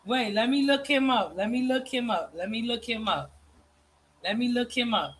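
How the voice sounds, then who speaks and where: A woman's voice: on the high side, moderate pace. A woman in a casual, chatty conversation, reminiscing with plenty of fillers. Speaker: host. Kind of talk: casual chat.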